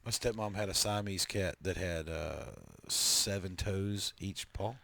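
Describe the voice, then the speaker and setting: A man's voice: low-pitched, unhurried, creaky, bright, forceful tone. A man, co-hosting a podcast, telling casual stories with plenty of swearing and acted-out quotes. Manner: profane storytelling, acts out quotes. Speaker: podcast co-host. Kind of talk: casual chat.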